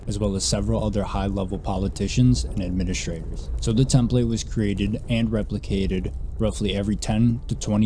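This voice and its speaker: A man's voice: fairly low pitch, mellow, a little hiss or hum. A man hosting a casual history video, nasal and congested from a sinus infection, talking bluntly and swearing now and then.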